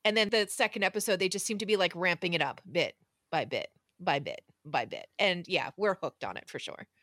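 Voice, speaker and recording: A woman's voice: on the low side, lively intonation, brisk, fairly bright tone, dry recording, studio quality. Easygoing, chatty woman podcaster. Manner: easygoing, chatty, laughs readily. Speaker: podcast co-host. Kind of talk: casual podcast chat.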